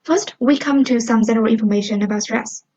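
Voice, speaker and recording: A woman's voice: a little high, quick pace, warm tone, slightly rough. A young woman with a Vietnamese accent, a Vietnamese native speaker, giving a student class presentation in a careful, explanatory way and quizzing the listener. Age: young adult. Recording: dull lo-fi recording.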